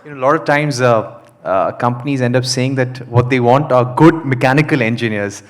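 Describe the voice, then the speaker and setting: A man's voice: medium pitch, brisk. A man moderating a panel, asking long questions with some hesitation.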